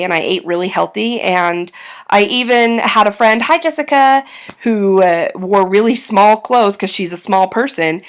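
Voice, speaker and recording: A woman in her thirties talking candidly to camera in a casual vlog, self-deprecating and full of ums. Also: on the low side. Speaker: vlogger.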